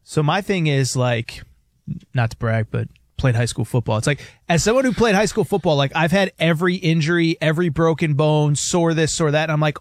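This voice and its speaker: Guy co-hosting sports radio, animated, kinda high voice, dry mic. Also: fairly quick, no echo. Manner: animated storytelling, mimics people. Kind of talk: casual sports radio chat.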